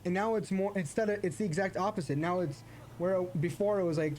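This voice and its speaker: A man with a rather high voice chatting on a game stream. He rambles in an earnest, reflective way, restarting and correcting himself as he goes. A faint hum of background ambience sits behind him. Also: fairly even intonation, quick pace, a little mellow. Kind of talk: casual chat while gaming.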